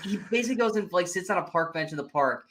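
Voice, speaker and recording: A man co-hosting a casual bad-movie podcast, retelling scenes in an animated way and acting out lines. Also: high voice, very fast. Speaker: podcast co-host.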